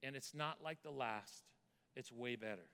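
Guy preaching in a big echoey church, earnest, smooth and crisp voice. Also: medium pitch, normal speed, bright, forceful tone. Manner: earnest storytelling, repeats words when moved. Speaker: pastor. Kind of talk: sermon with testimony and prayer. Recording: reverberant hall sound.

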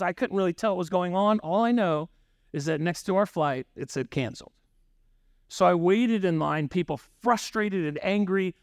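A man's voice: high-pitched, clear, resonant tone, no room sound, studio quality. A man preaching a sermon in a conversational storytelling way, often checking in with "right?" and acting out bits of dialogue. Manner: conversational, frequent "right?" asides, acts out dialogue. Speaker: pastor.

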